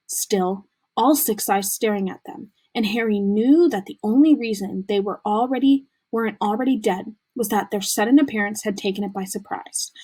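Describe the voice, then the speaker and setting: A woman teacher reading a novel aloud with lively, expressive storytelling, recorded at home for a remote class. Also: medium pitch, breathy edge.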